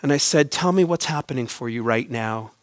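A middle-aged male pastor preaching a sermon, animated and conversational, dropping to a soft, low tone when telling personal stories. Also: brisk, dry recording, studio quality.

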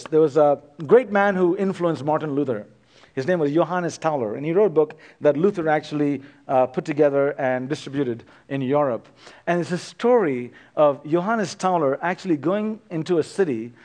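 A man preaching a sermon as pastor, swinging between loud emphatic passages and a hushed, quiet close. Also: a little high.

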